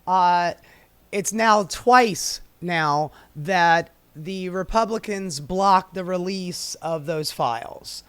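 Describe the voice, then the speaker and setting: A man's voice: high voice, slow, a bit bright, clean tone, no room sound. A man hosting a sarcastic, profane political commentary, ranting and mocking. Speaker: commentary host.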